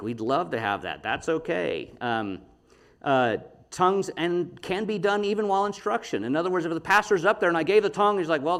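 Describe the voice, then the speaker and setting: Middle-aged man, Bible teacher, higher voice, very lively pitch, chatty and laughing. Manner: animated, chatty, laughs often, talks to the audience with frequent "okay?".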